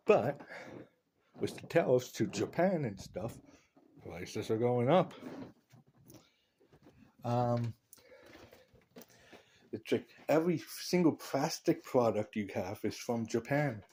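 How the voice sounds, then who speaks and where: A man's voice: mid-range voice, expressive, takes it slowly, long pauses, dark tone, a little hiss or hum. A man vlogging a casual, rambling opinion rant, joking and laughing at his own lines.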